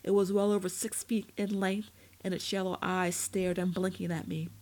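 A woman reading a first-person story aloud in a measured, steady storytelling manner. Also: medium pitch, rough recording. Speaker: narrator. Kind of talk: first-person audiobook narration.

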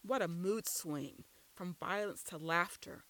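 A woman's voice: fairly low pitch, slow, poor audio. A woman reading a first-person story aloud as scripted narration, telling it steadily. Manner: steady storytelling with quoted dialogue.

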